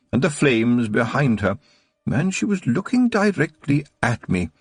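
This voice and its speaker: A man's voice: mid-range voice, gravelly, husky, no room sound, clean studio sound, heavily acted. A man doing a frail, tearful old baron. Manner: trembling, wistful old man's voice. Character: frail elderly male baron, tearful and joyful.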